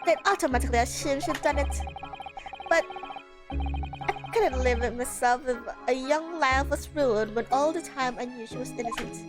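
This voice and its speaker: A woman's voice: sits high, normal speed, music in the background, natural voice. A woman voicing a genial older Irish man who tells his story in a folksy way, with a put-on Irish accent.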